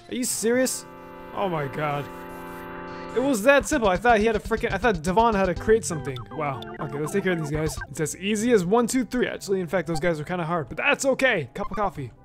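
A man with a high voice talks his way through a video game in relaxed let's-play style. He rambles to himself and drops mild swears. Soft game music plays faintly underneath. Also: brisk. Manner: loose, chatty, with mild swearing and self-talk. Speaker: gaming video host. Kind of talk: casual let's-play commentary.

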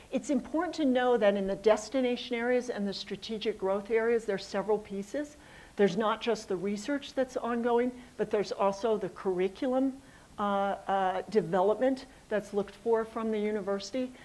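A middle-aged woman, a college dean, answering audience questions in a hall, a little hoarse and pausing with ums and uhs. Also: mid-range voice, darkish tone. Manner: thoughtful, with frequent ums and uhs. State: losing her voice a little. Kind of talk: public address with audience Q&A. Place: assembly hall.

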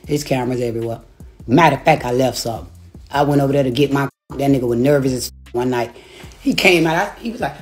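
A fast-talking woman with a rumbling low, darkish voice livestreams on her phone from home, a rented house. Her profane rant is full of taunts, broken up by laughter between insults, with faint music behind her.

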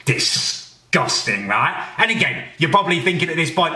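A British man doing a comedic rant, exasperated and swearing, often shouting in indignation. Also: on the high side, big pitch swings, moderate pace, few pauses, distant mic. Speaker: comedy ranter. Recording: roomy, a bit off mic.

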